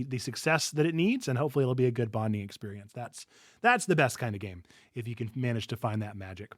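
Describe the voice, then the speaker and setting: A man co-hosts a gaming livestream, chatting casually and eagerly about upcoming games, upbeat and quick to laugh. His mid-range voice has a fairly bright tone, recorded at studio quality with no echo.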